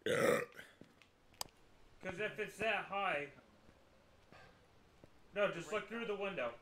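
A man's voice: sits high, slow, a bit bright. A man talking casually while playing a ghost-hunting game, calling out plans to his team. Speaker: gamer. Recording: echoey room with faint noise.

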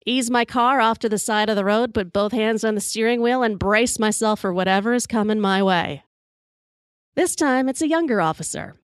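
Podcast host, woman, higher register, wry and profane storyteller, dry close recording. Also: no echo. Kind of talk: storytelling monologue while drinking whiskey.

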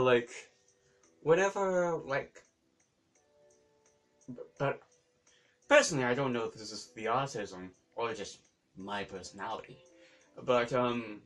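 Slow, halting man talking to camera. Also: medium pitch, fairly bright tone. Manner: halting, searches for words and repeats himself. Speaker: vlogger. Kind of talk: casual talk to camera.

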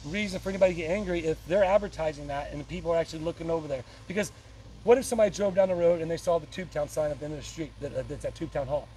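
Fast-talking man, heard from a distance. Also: a little high, warm tone, slight background noise. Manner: quick, chatty, opinionated asides. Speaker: host of the channel. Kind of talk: casual on-location vlog talk. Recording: distant outdoor mic.

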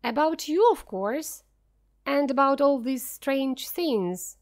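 Woman doing a little boy in a storybook, high and eager, calm and kind of knowing. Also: takes it slowly, exaggerated voice.

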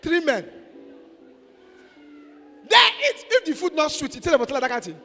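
A Nigerian pastor with a very high, bright, cutting voice, preaching in a playful, exhorting way and now and then shouting. His voice rings in an echoey church hall. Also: huge pitch swings, moderate pace, gravelly, faint music behind. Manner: mixes Pidgin, exhorting, playful, bursts into shouts. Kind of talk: sermon.

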